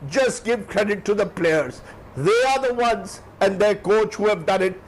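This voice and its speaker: A man's voice: sits high, rough recording. Teary fervent Indian man commentator. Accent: Indian English. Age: 50s. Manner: fervent, emotional, halting with restarts. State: teary-eyed. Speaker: news commentator. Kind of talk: emotional live news commentary.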